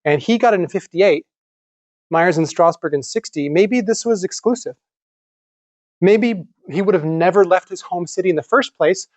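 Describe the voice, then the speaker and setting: A man giving a conference lecture in an animated, conversational way, with some casual swearing. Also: high voice, normal speed, dry recording. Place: lecture room.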